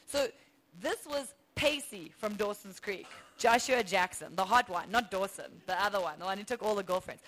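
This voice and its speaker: A South African woman in her thirties, a comedian telling a story in a casual, animated way and laughing often. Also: medium pitch, normal speed, low-quality recording. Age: 30s. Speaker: comedian guest. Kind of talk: storytelling chat.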